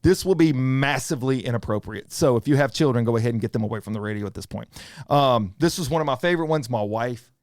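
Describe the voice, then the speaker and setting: Middle-aged man, playful podcast co-host, mid pitch, dry close mic. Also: quick pace, no room sound. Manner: playful storyteller, animated. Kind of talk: casual chat.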